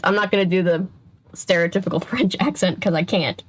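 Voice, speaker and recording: A woman's voice: lowish voice, fairly quick. A woman in her twenties hosting a casual read-aloud stream at home, chatty and self-interrupting, laughing often as she reads. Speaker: channel host. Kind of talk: casual reading with live chat.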